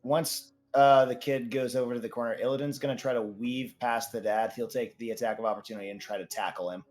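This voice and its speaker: A man playing a tabletop game, objecting quickly and planning his moves aloud. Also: medium pitch, steady tone, darkish tone, soft background music. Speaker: player. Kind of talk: casual tabletop game talk.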